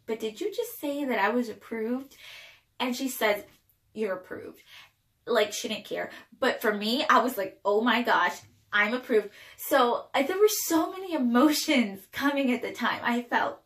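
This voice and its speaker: A young woman telling her own life story to camera, emotional and tearful, halting and restarting as she cries. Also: on the high side. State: crying. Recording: echoey room.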